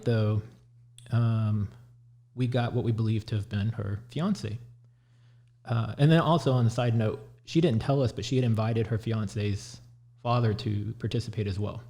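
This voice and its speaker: A man who runs a paranormal show, telling a story casually on a podcast and acting out the quotes. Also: medium pitch. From Houston area, USA. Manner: animated, retells quotes. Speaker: guest, paranormal investigator.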